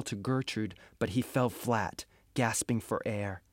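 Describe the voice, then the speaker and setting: Male storybook narrator, unhurried and measured, dry studio sound. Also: on the low side, dry recording. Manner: slow, measured reading.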